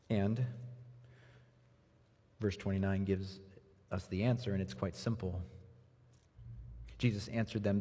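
Male pastor, sermon, husky voice, earnest, soft lows and lifted emphasis, long church reverb. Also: a little slow, pauses often. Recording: reverberant hall.

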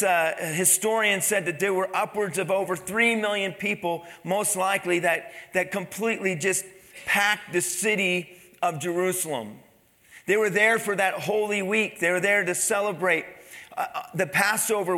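Bright high-voiced preaching man. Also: big-room sound. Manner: dramatic preaching, acting out crowd voices. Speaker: pastor. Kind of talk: sermon.

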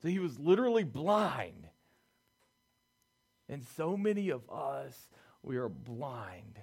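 A young man preaching a youth sermon, swinging between loud pleading and quiet, low talk. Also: very animated, takes it slowly, vocal fry, breathy edge. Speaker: youth pastor.

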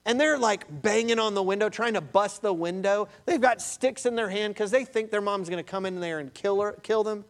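Male pastor with a high, lively sermon delivery and a storyteller's energy. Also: a little fast, few pauses. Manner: animated storytelling, addresses listeners as beloved.

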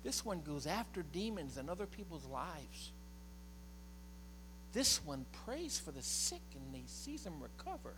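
A middle-aged man preaching a sermon as a pastor, swinging from impassioned shouting to quiet storytelling. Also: on the high side, very animated, a little slow, background noise.

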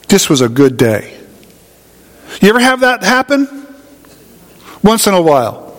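A man's voice: sits high, fairly bright tone, big-room sound. A man preaching a sermon in a conversational, folksy way, telling homey stories. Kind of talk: sermon teaching.

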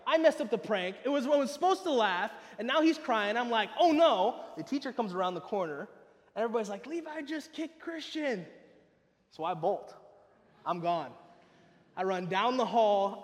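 High-voiced preacher man in a hall. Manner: emphatic, swings between loud and hushed. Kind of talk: sermon.

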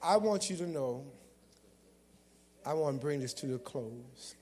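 A man preaching a sermon as a guest preacher, calling out to the congregation and shouting at times. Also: mid-range voice, animated, measured pace. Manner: call-and-response preaching with bursts of shouting. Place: church sanctuary. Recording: long hall reverb.

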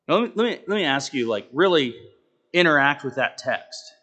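Guy preaching a sermon, earnest and emphatic, goes loud then real quiet, chats with the crowd in between. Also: fairly high pitch, lively intonation, moderate pace. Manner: earnest, emphatic, rising and falling with dramatic swings in volume; conversational asides to the congregation.

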